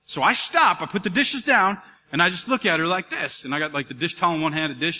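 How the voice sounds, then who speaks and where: A man in his thirties preaching a sermon to a congregation, animated and calling out to the crowd. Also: a little high, fast talker. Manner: animated, calls out to congregation, acts out dialogue. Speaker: pastor. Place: church hall. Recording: live hall recording with reverb.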